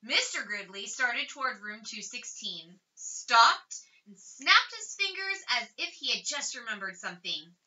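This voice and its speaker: A woman reads a children's chapter book aloud with steady, expressive storytelling. Her voice is bright and a little high. The recording sounds dull and somewhat distant from the mic. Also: unhurried, few pauses. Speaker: reader.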